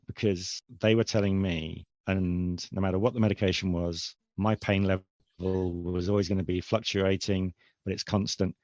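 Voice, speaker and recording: A man's voice: low voice, fairly even intonation, normal speed, a little mellow, no echo, lo-fi sound. A man hosting a casual online roundtable, chatty and enthusiastic, laughing easily as he talks. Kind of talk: casual online group chat.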